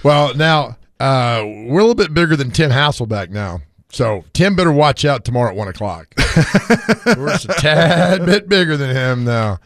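A middle-aged man hosting a casual sports radio chat, slightly hoarse from screaming, telling stories with frequent laughter. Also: medium pitch, normal speed, dry recording, clean studio sound. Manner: animated storyteller, laughs often.

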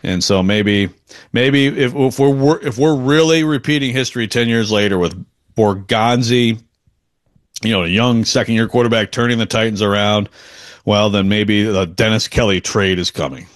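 A man's voice: lowish voice, moderate pace. Chatty male sports podcast co-host. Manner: rambling, self-interrupting, chuckles often. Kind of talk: casual sports talk.

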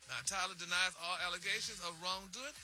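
A man's voice: sits high, fairly even intonation, brisk, pushed and bright, faint music behind. A man reading celebrity gossip on morning radio, flamboyant, peppering every phrase with "y'all" and "honey.". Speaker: radio show co-host doing celebrity news.

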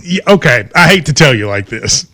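A man's voice: medium pitch, sing-song, fairly quick, sharp tone. A man hosting a sports radio show, chatting casually and teasing his co-host. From Kentucky. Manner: joking, teasing.

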